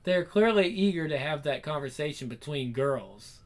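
A man reading a first-person adult comedy story aloud, animated and wry, swearing freely. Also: a little high, normal speed. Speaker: narrator.

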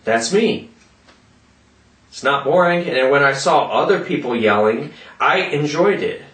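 Loud, foul-mouthed ranting man. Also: mid-range voice, lively intonation, measured pace. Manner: profane, loud, yelling rant. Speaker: vlogger. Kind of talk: angry ranting vlog. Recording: roomy echo, distant mic.

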